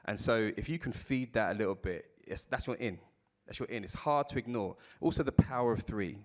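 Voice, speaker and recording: A man with a South London accent talks on a live festival panel, his voice sitting a little low. He tells candid stories about work, loose and conversational, and drops the odd swear word. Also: a little fast. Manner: candid storytelling with casual swearing. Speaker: panel speaker.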